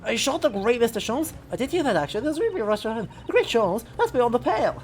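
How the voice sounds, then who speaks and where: A woman voicing a rough male petty thief with a put-on Cockney accent, loud and full of slang. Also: fairly high pitch, sing-song, fast talker, a little hiss or hum, pitched above the performer's own voice. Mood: shocked.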